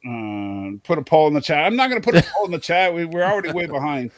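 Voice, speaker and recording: A man's voice: fairly high pitch, very animated, fast, no room sound. A man hosting a livestream and chatting casually about a show, teasing his co-host and stumbling over restarts. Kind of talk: casual show discussion with chat.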